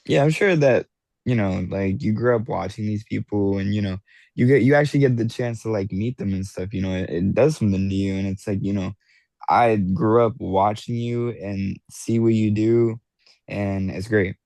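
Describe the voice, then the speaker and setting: A man helping run an interview, who answers in a relaxed, agreeable way. His voice sits low with a gravelly grain, and the recording is dry. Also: normal speed, dry recording. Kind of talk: casual interview.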